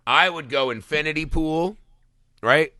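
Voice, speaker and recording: A man's voice: on the high side, unhurried, sharp tone, no echo, clean studio sound. A man hosting a casual film podcast, talking with enthusiasm and swearing freely. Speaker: podcast host.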